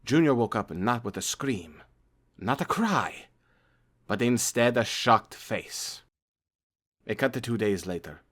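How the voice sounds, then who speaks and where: A man's voice: mid-range voice, lively intonation, a little slow, pauses often, a bit bright. A man reading a horror story aloud in plain first-person storytelling, stumbling now and then. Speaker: creepypasta narrator.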